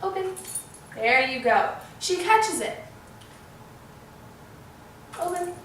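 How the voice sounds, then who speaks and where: A woman's voice: very high voice, animated, slow pace, fairly bright tone. A woman hosting a casual dog-training tutorial, patiently giving her puppy short commands. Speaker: dog trainer and channel host. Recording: echoey room, mic far off, faint dog noise.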